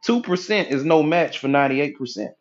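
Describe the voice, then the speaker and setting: A man coaching on mindset, lecturing at a whiteboard in an animated way and acting out inner voices with casual profanity. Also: a little high, brisk, highs cut off. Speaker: hypnotherapy coach.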